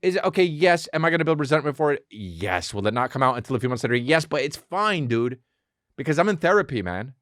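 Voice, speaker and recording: A man's voice: medium pitch, fast talker, dry recording, clean studio sound. A man in his thirties hosting a podcast, telling rambling, profane stories in a casual comedic monologue. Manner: rambling, profane, animated storytelling. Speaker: podcast host.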